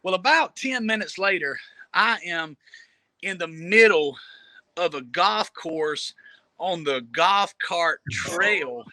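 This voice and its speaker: A man with a high, bright voice tells a long travel story in a loose, chatty way. He laughs easily and often repeats words as he goes. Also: lively intonation, slow. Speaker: storyteller guest. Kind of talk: casual storytelling. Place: Jamaica.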